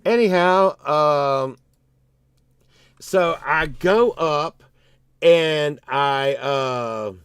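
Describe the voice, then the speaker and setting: A man's voice: a little high, extremely slow, pauses often, fairly bright tone, clean tone, no echo. A man, telling a rambling, profane story on his livestream and acting out both sides of the argument.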